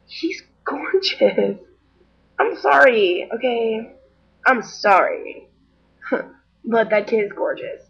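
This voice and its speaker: A chatty young woman tells a story straight to the camera, acting out the people she quotes as she goes. Her voice is a little husky, and the audio sounds dull and lo-fi. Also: on the high side, slow, long pauses. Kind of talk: casual storytelling vlog.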